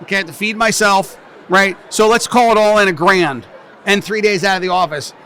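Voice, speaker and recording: Brash high-voiced man telling stories. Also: a little fast, bright, forceful tone, slight background noise. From New Jersey. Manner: brash, joking storyteller. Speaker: tax business owner, guest. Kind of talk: casual interview chat. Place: conference venue.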